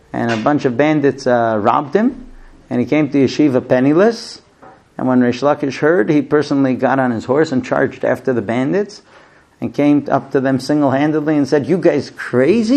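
A man teaching a Torah lesson, telling the story with lively, dramatic delivery. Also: a little high. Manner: animated, dramatic storytelling with fillers.

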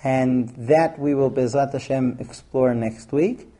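A man's voice: medium pitch, a little slow. A man teaching a class, explaining his points with examples and acting out scenes. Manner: animated, acts out scenes in different voices. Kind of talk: lecture to a class.

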